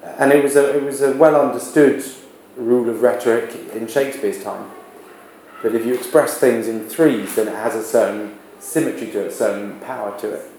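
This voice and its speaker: In an echoey classroom with a faint background hum, a male teacher with a mellow, dark, medium-pitched voice explains a text to his class. He takes his time during this literature lesson, often posing rhetorical questions.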